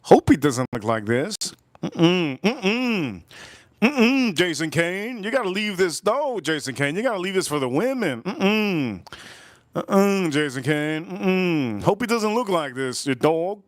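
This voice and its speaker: A man hosting a live tasting stream who rambles and jokes, his voice sitting a little higher than most men's. He tells loose, jokey stories, rushing some lines and dragging out others. The sound is dry and close, with no room around it. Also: big pitch swings, no room sound. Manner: rambling, jokey storyteller with quick bursts and slow drawn-out remarks; slips into high put-on voices for quoted people. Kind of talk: casual live-stream chat.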